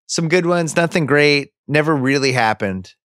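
A man hosting a podcast, telling a story and trading quick, jokey asides in casual movie chat. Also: fairly high pitch, lively intonation, fairly bright tone, dry recording, studio quality. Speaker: podcast host.

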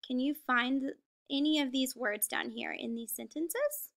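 A high-voiced woman leads a recorded kindergarten reading lesson. Her tone is bright and encouraging, and she slows down and stretches words out so small children can follow along. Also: creaky. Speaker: kindergarten teacher.

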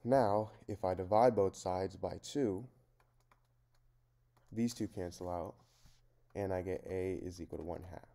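A man with a low voice explains a math problem one step at a time. His tone is mellow and unhurried, and his delivery is plain and methodical, like a tutor talking through a worked example at his desk.

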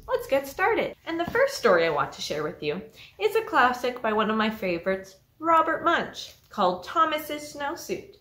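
A woman librarian leading a children's story time alone in an empty library, telling the story in an animated way. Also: a little high, moderate pace, soft background music. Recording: echoey library room.

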